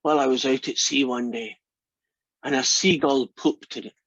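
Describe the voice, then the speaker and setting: A peg-legged old pirate played by a man tells his tale plainly and matter-of-factly during a joke in a lecture. The recording is dull and lo-fi, and the voice sounds husky and dry. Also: mid-range voice, steady tone, moderate pace, fairly bright tone, no room sound. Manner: matter-of-fact storytelling.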